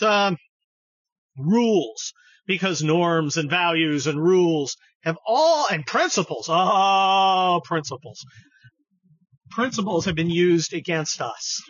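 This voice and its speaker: A man's voice: high-pitched, a bit bright, no echo. A man hosting a podcast, giving casual political commentary in a heated, profane, sarcastic way. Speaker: podcast host. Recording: dull dry studio recording.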